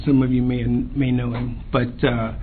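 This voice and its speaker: Man, recovery share at a convention; unhurried, hesitant, fillers; lo-fi phone-like tape. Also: medium pitch, little pitch movement. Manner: halting, many pauses and fillers. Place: convention meeting room. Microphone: podium microphone. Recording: tinny lo-fi tape with faint hiss.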